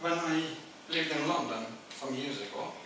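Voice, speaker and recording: A man's voice: on the high side, moderate pace. A middle-aged man from Turkey with a Turkish accent, telling wry anecdotes with many hesitations in a live storytelling performance. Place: small theatre stage with live audience. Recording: echoey theatre, distant, noisy.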